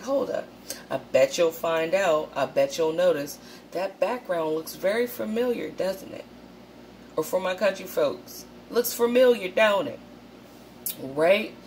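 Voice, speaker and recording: A woman's voice: lowish voice, darkish tone, a little hiss or hum. A woman hosting a casual vlog, talking straight to her viewers. She is blunt and swears a lot, and she acts out quotes in a raised voice. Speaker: channel host.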